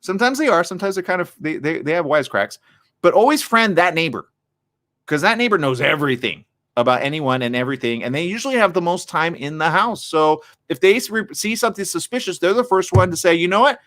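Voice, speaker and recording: Man, radio morning host, casual rambling banter, joking, bright forceful voice, lively pitch. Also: fast talker. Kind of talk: casual live radio talk. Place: radio studio.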